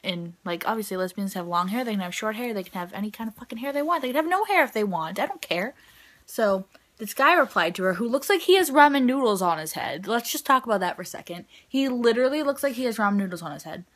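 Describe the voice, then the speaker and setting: A woman's voice: fairly high pitch, lively intonation, fast, fairly bright tone. A young woman vlogging in a chatty, rambling way, full of "like" and "um". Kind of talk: casual vlog chat.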